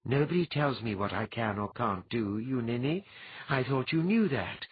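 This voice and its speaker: A man voicing a teasing, imperious woman who is fond and sentimental, with a husky sound. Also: medium pitch, animated, moderate pace, no echo, dull audio.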